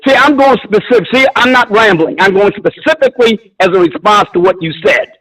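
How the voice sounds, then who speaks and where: Guy with a really high voice calling in, blunt, swears a lot, picks fights. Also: expressive, brisk, fairly bright tone, low-quality recording. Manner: combative, profane, blunt. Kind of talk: heated call-in argument.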